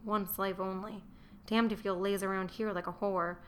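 A woman's voice: mid-range voice, flat delivery, moderate pace, a little hiss or hum, natural voice. A woman voicing a middle-aged Roman merchant who barks and grumbles at his wife. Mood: blustering. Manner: barking, grumbling, disdainful.

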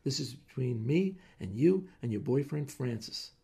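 A man's voice: medium pitch, animated, moderate pace, vocal fry, mellow, husky. A man voicing a hot-headed, drunk, out-of-work husband who blusters and pities himself. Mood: angry. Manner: blustering, self-pitying.

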